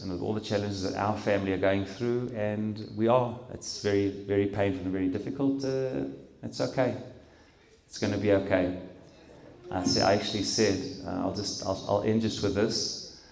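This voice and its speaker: A middle-aged man giving an emotional personal testimony at a talk, speaking haltingly with pauses and restarts. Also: on the low side, gravelly, darkish tone. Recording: roomy hall echo.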